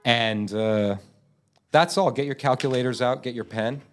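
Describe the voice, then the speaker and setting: A man's voice: moderate pace, soft background music. A man hosting a parody business podcast, joking with mock confidence. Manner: mock-confident, joking, lively swings in pitch. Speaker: podcast host.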